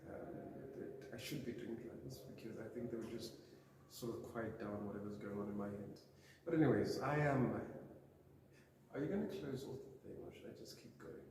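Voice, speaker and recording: A man's voice: mid-range voice, normal speed, a little mellow. A young man, a guest on a podcast, chatting casually in a rambling, self-deprecating way with lots of fillers. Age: young adult. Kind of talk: casual chat. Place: room on a university campus. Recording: echoey room, mic far off, noisy.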